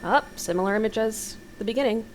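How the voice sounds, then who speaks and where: A woman's voice: on the high side, fast talker, slight background noise, poor audio. A young adult woman reading an interactive horror novel aloud as a let's-play host, with casual, wry asides.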